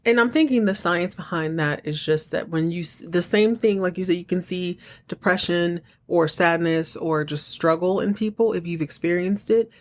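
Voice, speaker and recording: Animated woman recapping with low voice. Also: moderate pace, hardly any pauses. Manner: animated, laughing, chatty storytelling. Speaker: podcast host. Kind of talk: comic episode recap.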